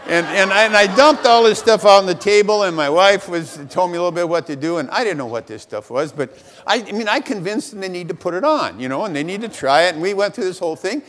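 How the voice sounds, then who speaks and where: A man's voice: high-pitched, expressive, quick pace, a bit bright, big-room sound. A man giving a motivational speech at a sales convention. He tells a self-mocking story with lots of animation.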